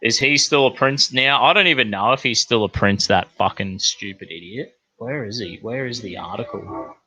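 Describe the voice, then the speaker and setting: A man's voice: mid-range voice, normal speed, bright, forceful tone, slightly rough, rough recording. A man with an Australian accent hosting a crude comedic news livestream, rambling and swearing in blokey slang.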